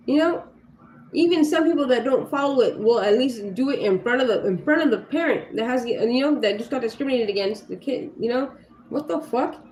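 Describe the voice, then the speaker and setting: A fairly high-voiced woman talks heatedly on a livestream, blunt and quick to swear, with loose filler-heavy phrasing. Her voice rings in an echoey room over a faint ambient hiss. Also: animated, darkish tone. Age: adult with young children. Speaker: livestream host. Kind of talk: casual livestream talk.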